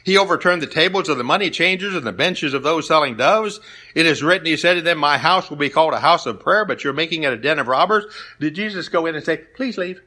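A man's voice: on the high side, animated, fast, bright, forceful tone. A man preaching a sermon, retelling stories and scripture in a plain, conversational way. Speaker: pastor.

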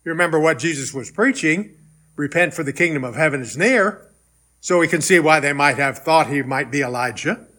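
A man's voice: fairly high pitch, a little fast, sharp tone. A man preaching a sermon in a conversational way, rising into emphatic questions. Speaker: pastor.

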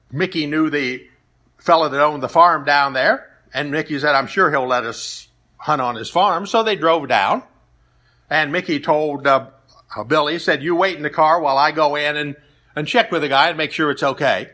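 A man's voice: on the high side, normal speed, sharp tone. A man preaching a sermon, retelling stories and scripture in a plain, conversational way. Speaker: pastor.

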